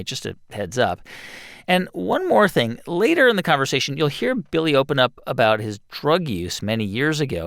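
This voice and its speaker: A man's voice: medium pitch, no room sound, studio quality. A man hosting an interview podcast, reading a polished scripted intro and then asking questions. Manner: animated, polished delivery. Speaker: podcast host.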